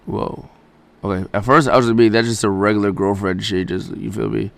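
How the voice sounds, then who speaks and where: A man's voice: on the low side, fairly even intonation, fairly quick, creaky, a bit bright. A male streamer reacting to clips in casual, incredulous commentary, swearing and using slang.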